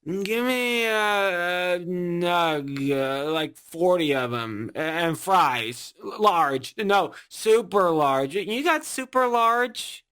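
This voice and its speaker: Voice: mid-range voice, expressive, slow, few pauses, fairly bright tone, smooth. A narrator doing a slurring drunk late-night customer. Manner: slurring, stumbling speech.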